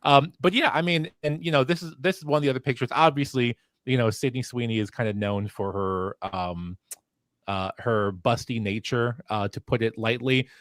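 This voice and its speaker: A man's voice: mid-range voice, moderate pace, no echo. A man hosts a casual livestream, rambling and restarting his sentences with plenty of fillers. His mid-range voice is close and dry on a headset mic. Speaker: fill-in host.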